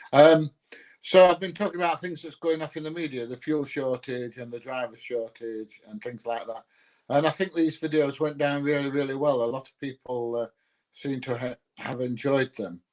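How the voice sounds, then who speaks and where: A man's voice: mid-range voice, normal speed, a little mellow. Rambling South Yorkshire man chatting live. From North Nottinghamshire, England. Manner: rambling, with many ums and uhs; friendly, greets viewers by name. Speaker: YouTuber greeting live chat. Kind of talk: casual live stream chat.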